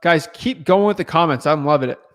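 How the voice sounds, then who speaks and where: A man answering viewer questions in a relaxed, chatty livestream, talking loosely with lots of filler words. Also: fairly high pitch, a little fast. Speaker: real estate wholesaler answering viewer questions. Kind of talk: casual livestream chat.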